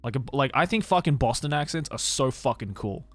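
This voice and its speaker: A man's voice: mid-range voice, expressive, a little fast, fairly bright tone, no room sound, faint music behind. An Australian man streaming and chatting casually, rambling with lots of fillers and restarts. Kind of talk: casual livestream chat.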